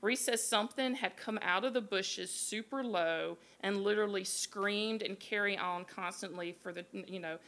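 A woman hosting a live podcast, retelling a scary campfire tale in a casual, profane, animated way with quoted voices. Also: medium pitch, moderate pace, hardly any pauses. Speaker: podcast host. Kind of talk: casual storytelling. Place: live show at a beer garden.

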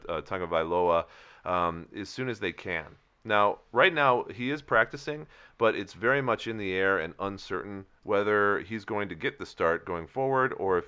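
Deep guy co-hosting a chat show, lots of uhs, smooth clear voice, kinda muffled audio. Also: sharp tone. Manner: halting, many fillers and restarts. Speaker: co-host of a fantasy football podcast. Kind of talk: casual chat.

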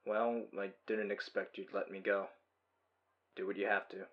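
A man voicing a weary, resigned male hero in custody, speaking quietly. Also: on the low side, level tone, moderate pace, lo-fi sound, lightly acted.

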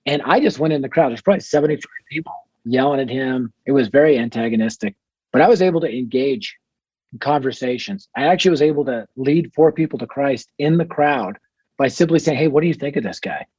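A man, a ministry leader as guest on a podcast interview, who tells energetic stories and acts out conversations. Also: mid-range voice, brisk, breathy edge, no echo, muffled recording. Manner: energetic storyteller acting out conversations.

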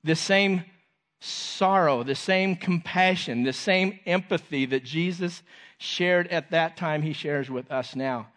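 A man with a slightly raised voice delivers an earnest sermon. He repeats key phrases and lets his sentences drop gently and quietly at the close. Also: a little high, slow pace. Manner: earnest, repeats phrases, drops softly at ends of lines. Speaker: preacher.

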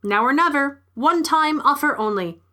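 A woman putting on a small, round, brisk bird with a high, bright voice that chirps its words. It sounds loud and pushy, like a storybook creature in a hurry. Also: lively intonation. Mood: chirpy.

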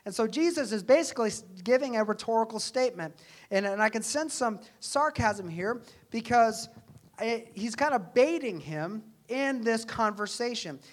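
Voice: mid-range voice, animated, moderate pace. Earnest conversational preacher. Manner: conversational, earnest, asks rhetorical questions. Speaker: pastor. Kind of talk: sermon.

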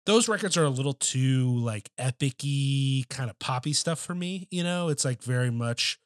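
A man's voice: mid-range voice, expressive, normal speed, dry recording, clean studio sound. A man co-hosting a podcast in casual chat, telling a loose, profane story with lots of filler words. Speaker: podcast co-host.

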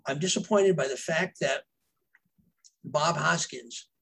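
A novelist guest rambles through casual behind-the-scenes stories, full of fillers and restarts. His voice is a little high and husky, and the recording is rough.

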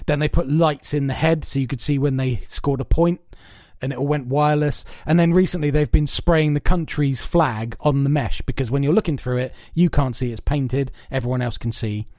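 A man co-hosting a podcast in casual chat, telling long stories in an animated, rambling way with lots of swearing. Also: mid-range voice, normal speed, few pauses, no room sound. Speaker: podcast co-host. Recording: dry, soundproofed home room.

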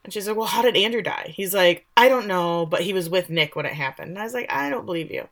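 A woman's voice: medium pitch, animated, quick pace, gravelly, a bit bright. A woman co-hosting a podcast, casually recapping episodes and quoting the characters with animation. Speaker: podcast co-host.

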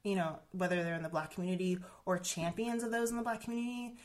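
A woman's voice: on the low side, fast talker. Earnest woman telling a personal story. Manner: earnest, heavy use of "like" and "um", many restarts. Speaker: guest sharing a personal story. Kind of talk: emotional conversational storytelling.

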